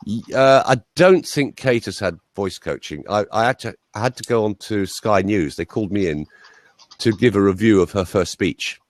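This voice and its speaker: A man's voice: fairly low pitch, normal speed, no echo. A man, a voice coach telling chatty anecdotes as an interview guest. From England. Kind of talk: interview guest, conversational storytelling.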